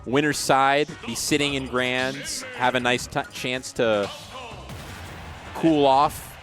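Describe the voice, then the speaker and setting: A man commentating a fighting game tournament in casual chat with a co-caster, animated and quick to jump up in pitch when excited. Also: over music. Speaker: esports commentator.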